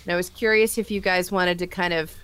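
A woman co-hosting a casual movie review podcast, telling scenes in an animated, excitable way. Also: lowish voice, a little fast, smooth, faint music behind. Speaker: podcast co-host.

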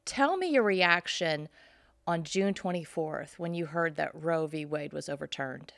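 A woman asks the guest a question in a soft, questioning way. Her voice sits a little low for a woman. The recording is dry, with little room sound. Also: lively intonation, measured pace, creaky, dry recording. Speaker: interviewer.

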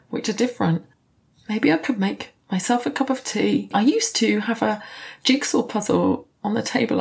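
A woman's voice: medium pitch, gravelly. A middle-aged woman coach talking candidly in a reflective podcast, now and then swearing. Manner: candid, warm, occasionally swears.

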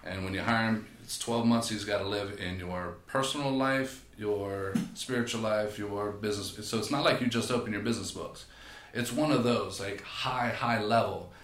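A man, a podcast guest and personal trainer, telling stories in a casual, animated way and acting out quotes. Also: fairly low pitch, normal speed, hardly any pauses. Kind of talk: casual storytelling. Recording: echoey room.

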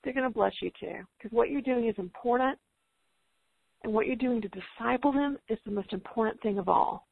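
A woman's voice: a little high, a little fast, vocal fry, breathy edge, no echo. A middle-aged woman giving an encouraging Christian talk to homeschooling mothers, reassuring and quoting scripture. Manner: warm, reassuring, quotes scripture. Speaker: guest speaker. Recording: tinny phone-like line, dry.

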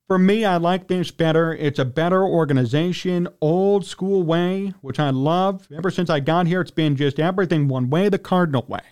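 A man with a Chicago accent, hosting a sports talk radio show, ranting indignantly and clearing his throat as he gets worked up. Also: moderate pace, hardly any pauses, a little mellow. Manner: indignant, ranting, pitch jumps when worked up. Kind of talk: heated sports talk rant.

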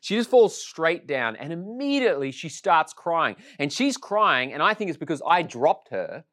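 A man giving a sermon, telling his own conversion story in an animated storytelling way. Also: a little high, moderate pace, dry recording, clean studio sound. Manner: storytelling, animated when quoting others. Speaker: preacher. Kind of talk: sermon with personal testimony.

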